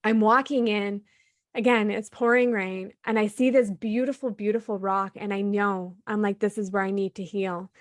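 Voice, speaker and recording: A woman's voice: mid-range voice, normal speed, no room sound, studio quality. A woman, a guest in an interview, telling her personal story with animation and acting out what she and others said. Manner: animated, often acts out her own past dialogue; laughs between phrases.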